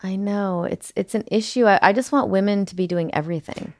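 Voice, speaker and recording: A woman's voice: mid-range voice, brisk. A woman co-hosting a podcast, chatting casually in a teasing, offhand way. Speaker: podcast co-host. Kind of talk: casual chat.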